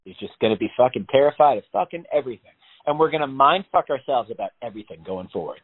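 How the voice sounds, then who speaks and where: A man's voice: mid-range voice, fast, husky. A man chatting casually on a podcast, telling stories with lots of swearing and acting out panicked voices. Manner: animated storyteller, swears a lot, acts out panicked voices. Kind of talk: casual chat. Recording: phone-like narrow band.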